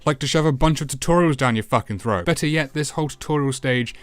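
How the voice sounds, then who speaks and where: A man's voice: medium pitch, quick pace, no echo. A man narrating a retro game review in a sarcastic, profane way, swearing often.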